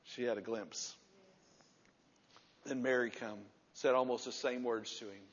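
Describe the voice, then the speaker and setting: A man in his sixties preaching a sermon, repeating key words with emphasis and dropping to a soft, low voice to stress a point. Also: steady tone, unhurried. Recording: muffled sound with long hall reverb.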